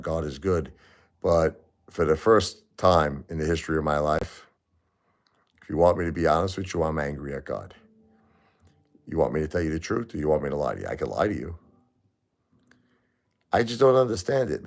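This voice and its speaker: A man hosting a livestream, grieving and halting as he talks, often repeating himself. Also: extremely low pitch. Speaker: livestream host. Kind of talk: emotional livestream talk.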